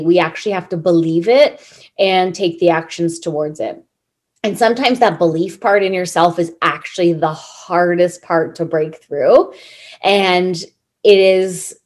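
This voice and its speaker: A woman in her thirties hosting a solo business podcast, chatting earnestly as a coach with plenty of fillers and self-corrections. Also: mid-range voice.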